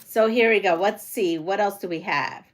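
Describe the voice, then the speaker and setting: A woman hosting a quilting live stream, chatting casually, answering viewer comments and trivia questions as she sews, with frequent giggles and some drawn-out phrases. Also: medium pitch. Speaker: quilting channel host. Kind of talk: casual live-stream chat while sewing.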